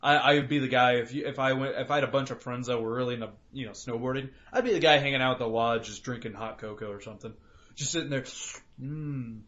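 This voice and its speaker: A young man from Colorado co-hosts a casual podcast and talks in an animated, profane way, acting out his car and the drivers around him. His voice sits at an ordinary pitch for a man. The recording is dull and lo-fi. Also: fast talker. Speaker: podcast co-host. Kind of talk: casual chat.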